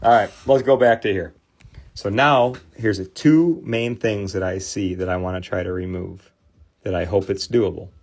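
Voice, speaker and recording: A man's voice: lowish voice, fairly even intonation, moderate pace. A man in his thirties with a Midwestern American accent, hosting a casual livestream and chatting loosely with viewers while he works, full of fillers and restarts. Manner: rambling, friendly, many fillers and restarts. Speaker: host of a card cleaning livestream.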